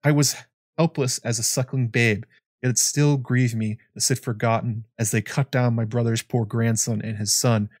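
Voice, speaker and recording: A man's voice: mid-range voice, steady tone, normal speed, a little mellow, no echo, clean studio sound, natural voice. A man reading aloud as an ancient, blind, weary male scholar, solemn and reflective. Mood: grieving. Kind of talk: reading a novel passage aloud.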